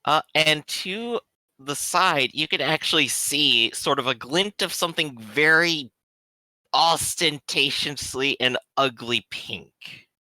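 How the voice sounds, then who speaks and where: A man narrating as game master of a tabletop role-playing game, with lively descriptive delivery. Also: fairly high pitch, takes it slowly, no room sound.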